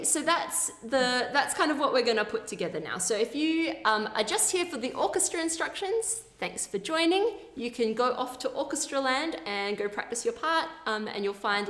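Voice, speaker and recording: Chatty woman leading a choir warm-up. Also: a little high. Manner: chatty, upbeat, self-deprecating. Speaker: choir leader. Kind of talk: online vocal tutorial. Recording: roomy with loud backing music.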